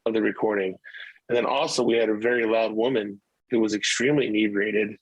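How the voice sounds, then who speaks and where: A man's voice: lowish voice, steady tone, a little fast, slightly rough, dry recording, poor audio. A middle-aged male musician telling stories in a casual interview, rambling with many restarts. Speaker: musician guest.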